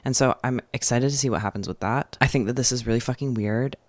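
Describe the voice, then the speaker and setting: A man's voice: mid-range voice, fast talker, dry recording. A man casually summarizing and reviewing novels for his book vlog, chatty and enthusiastic, with plenty of "like" fillers. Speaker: book vlogger.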